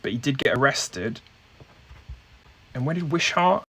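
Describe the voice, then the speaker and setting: A man plays a detective board game solo, reading the case aloud and hesitantly musing over the leads with many fillers. His voice is medium-pitched and animated, his pace a little slow, with background noise present.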